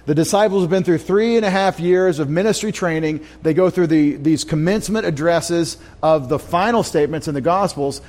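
A man's voice: a little high, a little fast, hardly any pauses, darkish tone. Conversational male Bible teacher. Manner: conversational, anecdotal, asks the audience questions. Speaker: pastor. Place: church.

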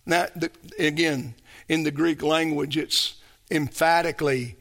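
A man's voice: fairly high pitch, steady tone, unhurried, a bit bright. A man preaching a sermon as pastor, emphatic and full of rhetorical questions put to his congregation.

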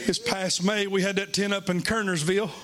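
A man's voice: sits high, steady tone, a little fast, a loud crowd. A middle-aged man with a Southern US accent preaching a sermon, telling a folksy story with humor and rising to fervent, emotional delivery. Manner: emotional, rising to shouting fervor.

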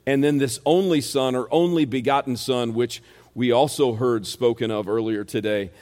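A man's voice: mid-range voice, normal speed, darkish tone. Male preacher, rural American accent, emphatic, mid-range voice, long hall reverb. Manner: emphatic, rhetorical questions. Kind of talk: expository sermon.

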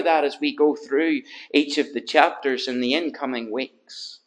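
A man preaching an evening sermon, swinging between loud urgency and hushed earnestness, with emphatic repetition. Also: mid-range voice, a little slow, hardly any pauses, rough recording.

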